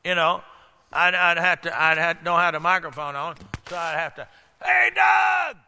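Predicador de voz aguda y brillante, en una sala con eco. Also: male voice, a little high, flat delivery, moderate pace, clear, resonant tone. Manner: preaching with call-outs and sudden shouts. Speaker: pastor. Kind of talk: sermon. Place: church hall. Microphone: microphone. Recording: echoey hall.

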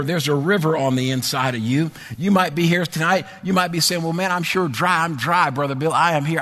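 A man delivers a sermon in a church, his voice a touch high and husky. He repeats lines in a rolling, sing-song rhythm and climbs into shouts. A long reverb from the hall trails each phrase. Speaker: preacher. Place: church sanctuary.

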